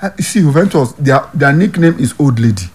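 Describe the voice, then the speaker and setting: A man's voice: fairly high pitch, expressive, fairly quick, darkish tone, slightly rough. A Nigerian man hosting a casual football news vlog, reading headlines aloud, then joking about them in Pidgin with frequent chuckles. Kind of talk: casual sports news commentary.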